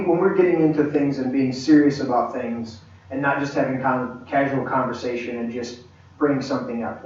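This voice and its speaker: A man teaching a church leadership class, an animated storyteller who acts out quoted dialogue and restarts his sentences often. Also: on the high side. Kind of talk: conversational sermon-style teaching. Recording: echoey hall, distant mic, dull lo-fi.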